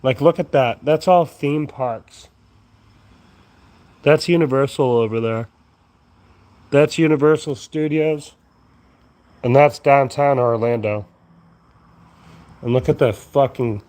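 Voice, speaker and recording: A man's voice: medium pitch, dark tone. A man rambling drowsily outdoors at night into his phone, profane and meandering, yawning as he gets sleepy. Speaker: vlogger. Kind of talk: rambling late-night monologue. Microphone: phone camera.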